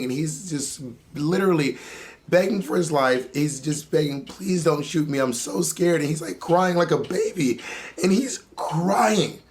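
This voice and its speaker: A man co-hosting a podcast, speaking in an impassioned, blunt way and swearing freely. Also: on the high side. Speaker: podcast co-host. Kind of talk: emotional podcast discussion.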